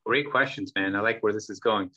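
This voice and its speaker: A man in casual podcast conversation, talking in an animated, profane way and acting out heated exchanges. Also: fairly low pitch, brisk, highs cut off. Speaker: podcast guest, holistic healer.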